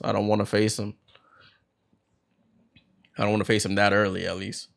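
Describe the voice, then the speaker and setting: A man hosting a basketball watchalong, calling the plays as an excited fan with sudden bursts of hype. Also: lowish voice, creaky. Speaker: watchalong host doing play-by-play. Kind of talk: fan play-by-play commentary.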